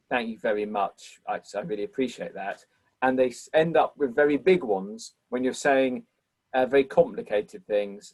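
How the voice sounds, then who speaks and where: A man's voice: medium pitch, darkish tone. A man lecturing and answering audience questions in a thoughtful, rambling way with many fillers. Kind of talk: reflective Q&A answer.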